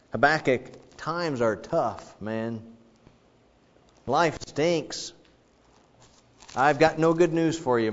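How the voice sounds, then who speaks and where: A male preacher delivers a folksy sermon in a lively voice whose pitch swings widely. The recording is dull and muffled, with long reverb from the hall.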